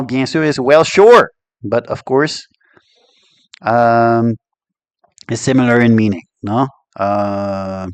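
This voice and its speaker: A man's voice: medium pitch, dry recording. Joking man with a Quebec French accent. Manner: chatty and joking, laughs often, switches between English and French. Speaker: language teacher. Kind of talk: casual online language lesson.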